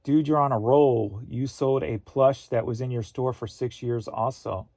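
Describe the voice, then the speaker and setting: A middle-aged man from Missouri, USA, hosts a casual livestream, rambling easily and reading viewer comments aloud. His mid-range voice is steady, unhurried and somewhat dark. The recording has no room sound.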